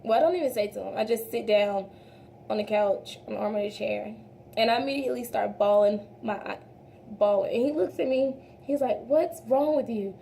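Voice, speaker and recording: A young woman applies makeup while chatting to her viewers, whom she calls "y'all," frequently trailing off and restarting. She talks briskly in a mellow, medium-pitched voice marked by vocal fry. The audio carries a little hiss or hum.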